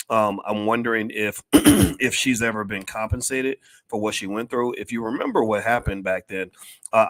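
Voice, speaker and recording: A man's voice: fairly low pitch, fairly bright tone, dry recording. An older man giving emphatic, preachy livestream commentary as a finance educator, often repeating himself.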